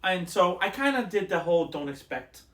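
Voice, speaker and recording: In a reverberant space, a man with a high, pushed, bright voice talks at normal speed with big pitch swings. He's a podcast co-host who wanders through casual stories and acts out other people's lines.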